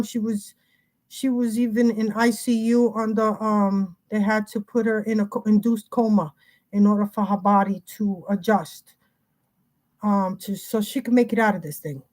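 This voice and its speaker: A woman's voice: medium pitch, fairly even intonation, moderate pace, a little mellow. Agitated, rambling middle-aged woman livestreaming. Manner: agitated, rambling, restarts often. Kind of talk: casual livestream talk. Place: home.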